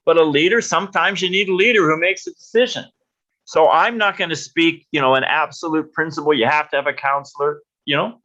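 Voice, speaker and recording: A man's voice: on the high side, brisk, pushed and bright, muffled recording. A man giving a lecture on leadership, telling stories and acting out quotes.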